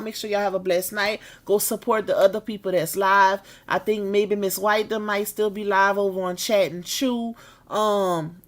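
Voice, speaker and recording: A woman's voice: medium pitch, a bit bright. A woman hosting a live stream, chatting casually with her viewers and saying she is tired and needs a nap. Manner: chatty, drawn-out Southern-style slang with y'all and baby. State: tired and yawning.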